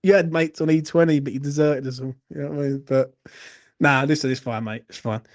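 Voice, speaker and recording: A man's voice: medium pitch, fairly even intonation, fairly quick. A young man, hosting a late-night football Q&A and chatting casually. He swears a lot and teases viewers. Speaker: football channel host. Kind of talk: casual live Q&A chat.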